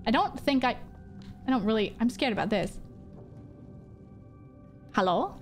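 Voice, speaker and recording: A young woman streaming a horror game from her home office, excitable and jokey, swearing and jumping into squeals. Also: a little high, measured pace, faint music behind. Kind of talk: live gameplay commentary.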